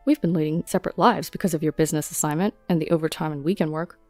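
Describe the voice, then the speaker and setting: A woman reading the lines of a defiant, self-justifying husband in her own low, mellow voice. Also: racing, no echo, soft background music, natural voice. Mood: defensive. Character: defiant cheating husband, middle-aged man.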